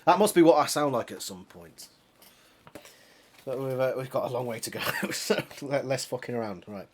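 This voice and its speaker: A man's voice: medium pitch, animated, moderate pace, a little hiss or hum. A British man reading a novel aloud, breaking off into chatty, laughing asides and correcting himself as he goes. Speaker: reader of a book series.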